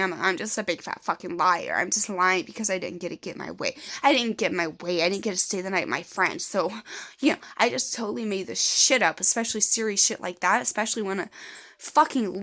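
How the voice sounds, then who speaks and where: A woman's voice: mid-range voice, creaky, fairly bright tone. A woman in her thirties telling her own story to camera in a blunt, rambling way with heavy swearing. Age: 30s. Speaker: vlogger.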